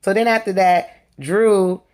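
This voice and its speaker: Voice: slow pace, clear, resonant tone. A reviewer recapping a reality show in casual gossip style, chatty and sassy, calling viewers "you guys" and "honey.". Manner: lively, swings between excited highs and low asides.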